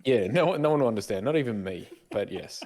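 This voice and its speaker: A man's voice: lowish voice, lively intonation, fast, darkish tone. A middle-aged man co-hosting a podcast, rambling and joking with many stumbling restarts. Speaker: podcast co-host. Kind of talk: casual chat.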